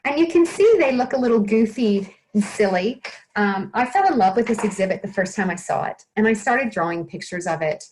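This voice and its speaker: A woman's voice: medium pitch, expressive, fairly quick, a little mellow, a little hiss or hum, poor audio. A woman, a children's author and illustrator, answering interview questions in a chatty, self-deprecating way with frequent restarts.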